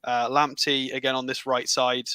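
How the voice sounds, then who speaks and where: Brief: male stats analyst, careful and halting, bright sharp tone. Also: medium pitch, little pitch movement, smooth, no echo, rough recording. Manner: careful and halting, many fillers. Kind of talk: casual football analysis chat.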